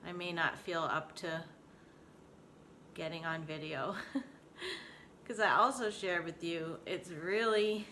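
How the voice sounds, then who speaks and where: A woman's voice: fairly low pitch, slow, pauses often, sharp tone, a little hiss or hum. A woman in her forties talking candidly to her home vlog audience, open and emotional, often close to laughing. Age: 40s. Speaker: vlogger. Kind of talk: casual personal vlog talk.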